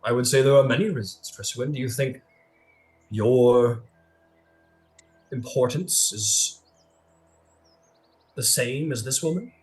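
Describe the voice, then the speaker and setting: A man voicing a male sphinx in a tabletop game, speaking in a quiet, measured and persuasive way. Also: mid-range voice, faint music behind, lightly acted, rough recording. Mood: coolly probing. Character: ancient male sphinx judging mortals, calm and probing.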